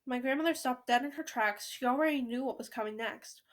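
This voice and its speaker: A woman reads a children's book aloud with an expressive, animated delivery. Her voice sits fairly high. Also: fairly quick. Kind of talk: reading a children's novel aloud.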